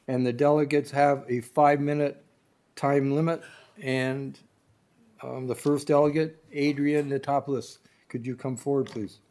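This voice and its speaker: A man's voice: medium pitch, darkish tone. A man chairing a regional council meeting, speaking with frequent ums and restarts in a council chamber. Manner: halting, many ums and restarts.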